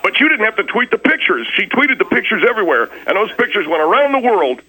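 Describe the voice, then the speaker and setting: A man's voice: high-pitched, very animated, fast, sharp tone, heavily acted, rough recording. A man playing a hapless, defensive small-town guy who rambles through his story in a radio comedy bit. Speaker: recurring comedy character on a radio show.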